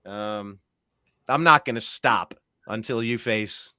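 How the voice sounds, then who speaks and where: A man's voice: lowish voice, slow pace, bright, forceful tone, clean tone, dry recording, studio quality. A man hosting a political talk show, ranting in an emphatic, sarcastic way. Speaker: host.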